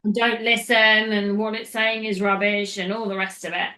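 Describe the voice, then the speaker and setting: A woman's voice: mid-range voice, little pitch movement, moderate pace, sharp tone. A woman hosting a podcast, recapping a film in casual, rambling chat that goes off on tangents. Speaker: podcast host.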